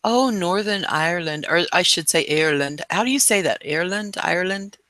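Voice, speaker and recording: Bright-voiced giggly woman host. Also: lowish voice, expressive, fairly quick, no echo. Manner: giggly, laughs often, chatty. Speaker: live stream host. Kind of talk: casual live stream chat.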